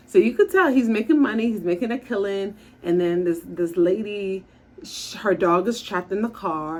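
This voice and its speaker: A woman's voice: medium pitch, a little mellow. A woman recapping a TV episode from her office in a chatty, casual way, acting out the characters' lines. She is recording without her usual equipment. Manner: chatty, acts out characters' lines in quick voices. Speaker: TV show reviewer and therapist. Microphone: makeshift setup without her usual gear.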